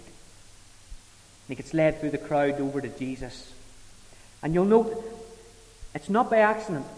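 A man preaching a sermon, emphatic, swelling to loud peaks and falling back soft. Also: on the high side. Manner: emphatic, rising to loud dramatic peaks, then dropping soft. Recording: reverberant hall.

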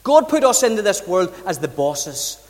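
A man's voice: sits high, very animated, normal speed, long reverb tail. A man with an Irish accent, from the south of Ireland, preaching a sermon with chatty storytelling and rhetorical questions. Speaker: pastor.

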